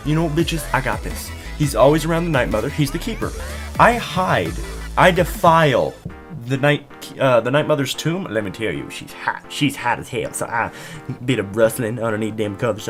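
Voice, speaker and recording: A man's voice: mid-range voice, lively intonation, normal speed. Goofy young male gaming host, rambling recap, swings from mutters to squeals, faint music underneath. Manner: goofy, rambling, jumps between whispers and squeals. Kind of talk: casual video game recap.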